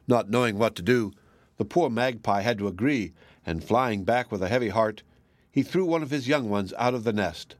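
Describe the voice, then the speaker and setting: A man narrating a fairy tale in a measured, plain storytelling voice. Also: fairly low pitch, no echo.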